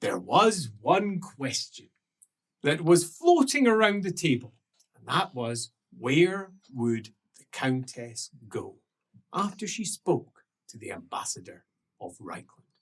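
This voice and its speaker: Slow, husky tabletop game master. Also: medium pitch, very animated, recorded from a distance. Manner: unhurried scene-setting narration. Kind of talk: narrating an improvised tabletop game.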